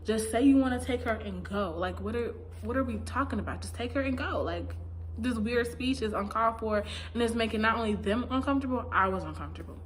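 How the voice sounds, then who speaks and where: A woman giving a casual, opinionated recap of a reality dating show, often acting out what people said. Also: fairly quick. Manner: chatty, opinionated, acts out quotes with big pitch jumps. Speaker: recap commentator.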